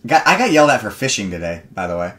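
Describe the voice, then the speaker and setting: A man's voice: fairly low pitch, sing-song, fast talker, bright, forceful tone. A young man hosting a live card break stream, chatting with viewers and rambling into stories between picks.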